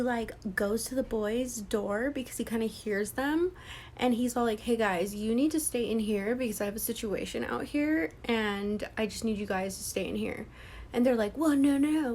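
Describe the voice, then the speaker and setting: A woman's voice: fairly high pitch, a little mellow, a little hiss or hum. A young woman casually retelling a horror novel's plot, slipping into whispers and acting out the characters' lines with lots of swearing. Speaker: book vlogger.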